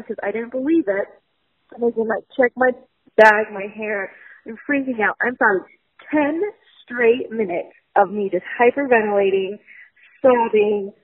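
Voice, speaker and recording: A woman's voice: fairly high pitch, husky. A woman in her thirties telling a frantic, rambling story in a recorded phone voicemail. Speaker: voicemail caller. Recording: tinny phone line.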